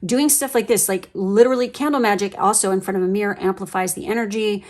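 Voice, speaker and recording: A woman's voice: mid-range voice, fairly even intonation, fast, darkish tone. A woman giving a casual, emotional tarot reading, chatty with lots of fillers and the odd swear word. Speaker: tarot reader.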